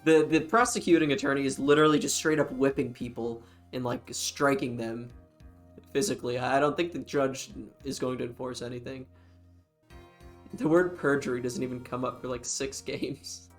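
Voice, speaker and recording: A man's voice: mid-range voice, steady tone, normal speed, soft background music. A man hosting a casual game stream, rambling and giggling through loose banter full of fillers. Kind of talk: casual let's-play banter.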